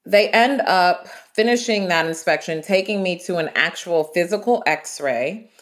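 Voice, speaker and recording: A woman from the United States, a guest in an interview, telling personal travel stories in a vivid, animated way with quoted asides. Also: on the low side, unhurried. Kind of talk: storytelling interview.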